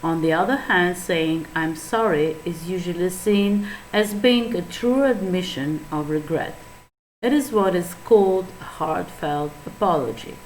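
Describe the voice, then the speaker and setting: Macedonian woman as English teacher, lower voice, faint hiss behind. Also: poor audio. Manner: explains slowly with small restarts and fillers. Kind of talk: online lesson reading examples.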